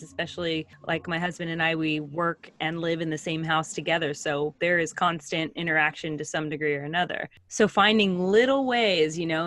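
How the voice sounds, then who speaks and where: A middle-aged woman hosting a conversational interview, affirming her guest and asking questions with some halting restarts. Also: low-pitched, a bit bright, dry recording. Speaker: podcast host.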